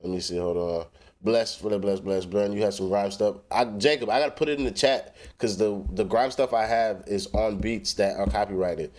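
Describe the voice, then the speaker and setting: A man hosting a late-night livestream. His voice sits very low, and his talk is loose, profane and off the cuff as he answers comments from the chat. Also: moderate pace, a little mellow. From northern England. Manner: loose and profane, reacting to chat between tracks. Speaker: livestream host and rapper.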